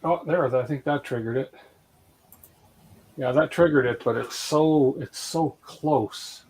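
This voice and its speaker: A man's voice: medium pitch, slow, a little mellow, slight background noise, rough recording. A man chatting casually on a maker hangout, thinking aloud while he works on a 3D printer.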